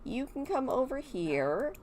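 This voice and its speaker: This gaming video creator is a middle-aged Michigan woman with a Midwestern accent, talking casually to her audience as she comments on gameplay. Her voice sits high and sounds sing-song, a little slow, and a little mellow.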